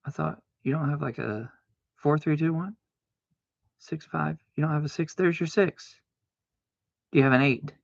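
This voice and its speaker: This man's voice sits on the high side and moves at a moderate pace as he streams solitaire, talking casually to himself, arguing back, and feigning scared outbursts. The recording is dry, dull, and lo-fi.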